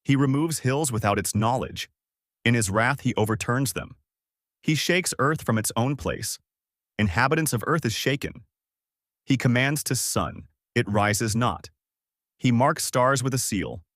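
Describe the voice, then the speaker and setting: A man reading the part of a suffering man who laments his anguish, in a solemn, measured way. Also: mid-range voice, expressive, fairly bright tone, no echo, studio quality. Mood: lamenting.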